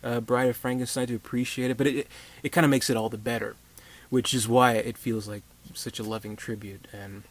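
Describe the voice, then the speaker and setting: A man's voice: medium pitch, steady tone, a little fast. A man giving a casual movie review, rambling with many fillers and restarts.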